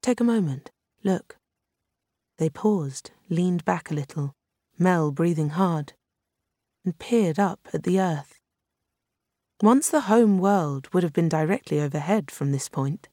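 An audiobook narrator reading a science fiction novel in a steady, even storytelling manner. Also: mid-range voice, measured pace, no room sound, clean studio sound.

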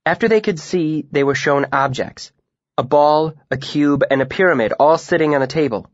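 A man's voice: on the high side, no echo, lo-fi sound, close to an everyday voice. A man doing a poised young woman student. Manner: measured, storytelling.

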